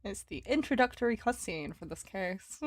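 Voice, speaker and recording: A woman's voice: mid-range voice, big pitch swings, normal speed, no echo. A young woman giving casual, chatty gaming stream commentary, often giggling and reading game lines aloud.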